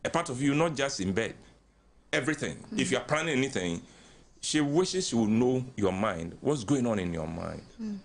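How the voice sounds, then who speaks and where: With a gravelly, mid-range voice at a moderate pace, an older Ghanaian-accented man appears as a radio guest giving laid-back counselling. His storytelling is animated, full of acted-out quoted voices and frequent chuckles.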